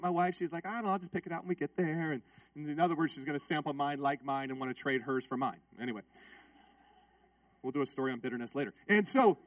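Male pastor, high voice, dry close sound, joking sermon, talks to the crowd. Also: dry recording. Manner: lively, joking with the congregation, calls out to listeners. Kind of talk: humorous sermon story. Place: church.

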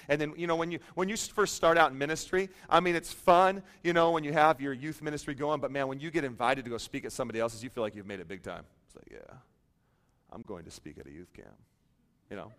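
A man's voice: fairly high pitch, fairly bright tone. A middle-aged male pastor telling a humorous, self-deprecating story in a sermon, chatty and full of fillers.

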